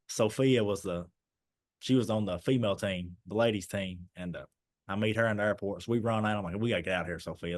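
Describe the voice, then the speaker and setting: A young man, a podcast guest telling a story and acting out the dialogue as he goes. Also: fairly low pitch. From Eastern Kentucky, USA. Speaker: guest, former basketball player.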